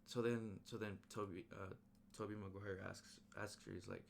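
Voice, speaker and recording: A young man recapping a film in a casual, excited ramble, full of slang and fillers. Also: on the low side, normal speed, gravelly, a little hiss or hum. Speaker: movie reviewer.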